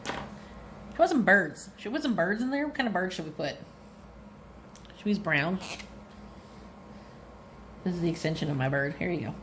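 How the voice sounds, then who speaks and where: Sing-song woman, lively pitch. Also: moderate pace, long pauses, a little hiss or hum. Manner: cheerful, sing-song, talks to viewers like a kids' host. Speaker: librarian. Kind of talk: craft demo tutorial. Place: home kitchen table.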